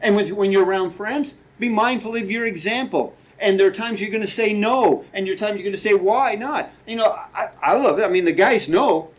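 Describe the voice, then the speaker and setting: Middle-aged guy preaching a sermon, pretty high voice, real chatty with little asides. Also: a little fast, few pauses, lo-fi sound. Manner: conversational, with asides and quoted dialogue. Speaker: guest preacher.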